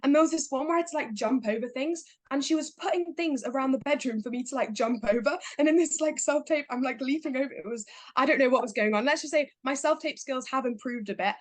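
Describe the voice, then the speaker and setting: Chatty teenage girl with a high voice. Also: fast, hardly any pauses, no room sound. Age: teens. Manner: chatty, upbeat, many fillers, acts out quotes. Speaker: guest, young actor. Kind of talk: casual interview chat.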